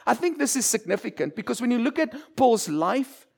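Male minister, lively sermon delivery, higher voice with gravel in it. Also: a little fast. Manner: animated, conversational preaching with acted-out quotes.

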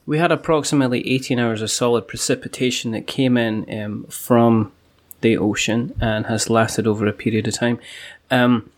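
A Scottish man, a guest on a podcast, chatting casually and joking in a deadpan, mock-official way. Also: mid-range voice, normal speed. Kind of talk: casual chat.

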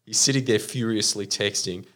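A young Australian man on a casual podcast, telling a story with lots of swearing and loud acted-out quotes. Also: fairly low pitch, normal speed. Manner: animated storyteller, swears, acts out quotes in loud put-on voices. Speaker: podcast host.

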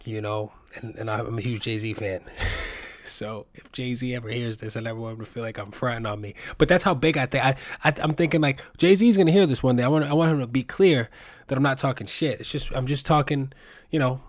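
A man's voice: medium pitch, brisk, no room sound, clean studio sound. A man, from the Bronx, telling a rambling, profane story full of tangents as a podcast host. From New York City, the Bronx. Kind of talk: casual monologue.

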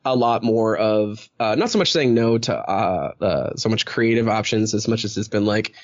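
A man's voice: fairly low pitch, normal speed. Rambling man on a podcast, lo-fi. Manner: rambling, many fillers and restarts; acts out quoted dialogue. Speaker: podcast host. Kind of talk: casual podcast chat.

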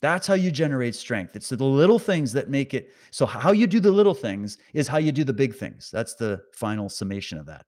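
Middle-aged male podcaster, mid-pitched voice, emphatic motivational delivery with casual swearing. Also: big pitch swings, fairly quick, few pauses, darkish tone. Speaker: podcast host. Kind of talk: motivational monologue.

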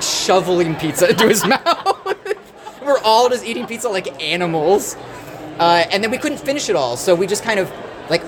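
A man showing his game at a convention, short on sleep and losing his voice, telling a rambling story full of fillers. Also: fairly high pitch. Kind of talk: convention floor interview. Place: busy convention hall. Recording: loud crowd chatter behind.

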